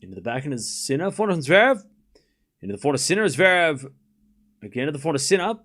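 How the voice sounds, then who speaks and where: Guy streaming a tennis watchalong, slightly high voice that jumps around a lot, calls points and banters with chat. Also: big pitch swings, rapid-fire, fairly bright tone. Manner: calls the score and shots while chatting with viewers and thanking supporters; playfully scolds chat. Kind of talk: casual live play-by-play commentary.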